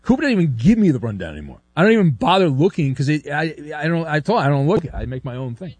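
A man's voice: on the high side, big pitch swings, fast, breathy edge, dry recording, faint music behind. A man hosting a sports talk show, rambling casually and mocking players with sarcastic outbursts. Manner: rambling, sarcastic, mocks with shouted bursts.

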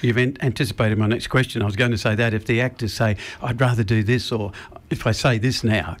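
A man hosting a casual interview, chatty and quick to laugh along with his guests. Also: mid-range voice, fairly even intonation.

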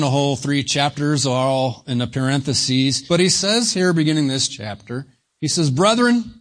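A man preaching an expository sermon, slow and deliberate, leaning hard on single words as he reads scripture aloud. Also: medium pitch. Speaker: pastor.

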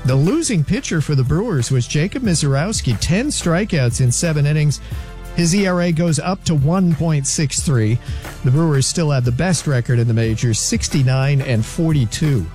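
A man reading a sports scores update on a radio show, reciting results in a brisk, matter-of-fact way. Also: a little high, lively intonation, warm tone, soft background music.

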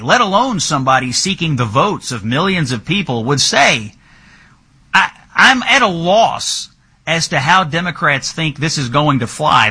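A male talk show host with a very bright, husky voice and animated pitch. He speaks sardonically and with emphasis, often sounding incredulous.

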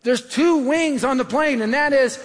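Male preacher, middle-aged, high-pitched, lively storyteller, big reverberant room. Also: moderate pace. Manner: animated, acts out voices in anecdotes. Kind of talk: sermon with storytelling. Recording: long hall reverb.

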